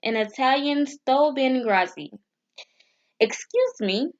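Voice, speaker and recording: A woman's voice: medium pitch, slow, highs cut off. A woman vlogger chatting casually as she practices phrases, hesitant and stumbling over foreign words. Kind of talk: casual study vlog.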